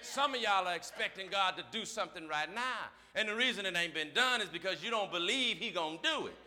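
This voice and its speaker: Bright-voiced male preacher with a rhythmic call-and-response delivery. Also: high voice, expressive, brisk. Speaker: pastor. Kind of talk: sermon. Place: church service.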